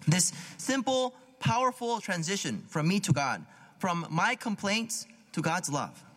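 A man's voice: high-pitched, big pitch swings, measured pace, fairly bright tone. A man preaching a sermon in a casual, conversational way, often repeating words and asking "right?". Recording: long hall reverb.

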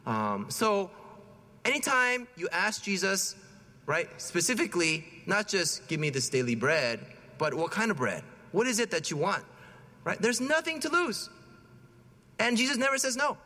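A man's voice: high-pitched, sing-song, unhurried, pushed and bright. A man in his thirties, a parish priest giving a conversational homily, telling a personal story and often checking in with "right?". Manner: chatty storytelling, often asks "right?", chuckles at himself. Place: church. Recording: long church reverb.

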